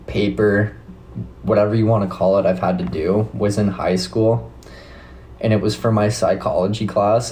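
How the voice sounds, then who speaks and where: A young man with a Canadian accent talks loosely to his stream audience, relaxed and swearing now and then. His voice sits deep and dark in tone. A faint hiss of noise runs underneath. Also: rough recording. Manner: laid-back, swears casually, chats with viewers. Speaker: livestream host. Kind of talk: casual live-stream chat with viewers.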